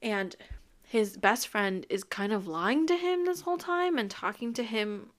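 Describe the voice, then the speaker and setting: A woman's voice: fairly high pitch, lively intonation, a little slow. A young woman hosting a podcast, talking casually and emphatically about a book, laughing often as she reacts. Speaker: podcast host.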